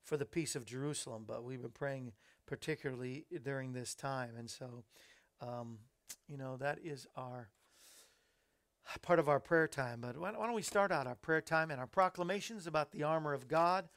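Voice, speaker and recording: A man's voice: mid-range voice, normal speed, fairly bright tone. A man hosting a casual live-streamed Christian talk show, upbeat and folksy as he greets viewers by name. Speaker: host.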